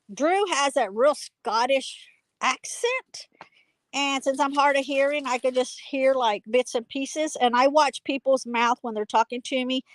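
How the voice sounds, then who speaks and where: A high-voiced woman chats loudly on a live phone stream. She rambles cheerfully with plenty of fillers. Her voice sounds close and dry, recorded out in a backyard garden. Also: no room sound, rough recording. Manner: loud, chatty, rambling with fillers. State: hard of hearing. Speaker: channel host. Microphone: phone held while walking.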